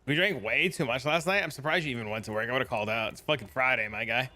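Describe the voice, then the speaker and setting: A man's voice: medium pitch, fast talker, bright, forceful tone. A young man streaming a game, chatting casually and swearing as he answers chat. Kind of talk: casual live-stream commentary.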